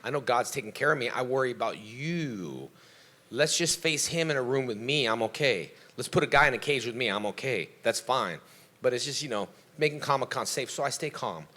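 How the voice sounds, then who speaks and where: A man's voice: mid-range voice, expressive, brisk, bright, forceful tone. A man answering fan questions as a guest on a convention panel. He is a karate teacher who talks in a motivational way and acts out the voices of people he quotes. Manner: motivational, preaching self-belief.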